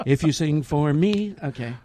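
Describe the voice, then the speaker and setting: A man co-hosting a casual talk show, playful and teasing, telling jokes. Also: fairly high pitch. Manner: playful, teasing, tells jokes with put-on voices. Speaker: co-host.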